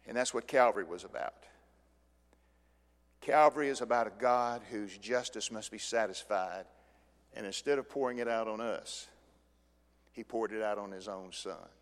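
An older man preaching a sermon, swinging from hushed tones to loud, dramatic stresses. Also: on the low side, moderate pace, long pauses. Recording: long hall reverb.

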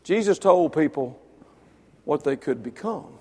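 A man preaching a sermon, building to loud emphatic peaks, then dropping low, with wry asides to listeners by name. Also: expressive, measured pace, husky. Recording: long reverb of a large hall.

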